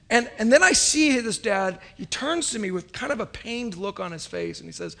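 A pastor in his thirties delivers a sermon, his voice sitting noticeably high for a man. He tells stories in an animated, conversational way, dropping in asides as he goes. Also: brisk, hardly any pauses.

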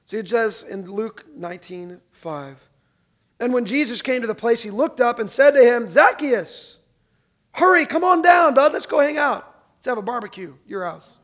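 A man with a high voice preaches a sermon to his congregation. He talks like a friend, asks the room to repeat lines after him, and swings from loud, pressing emphasis to hushed, quiet lines. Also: normal speed. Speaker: pastor.

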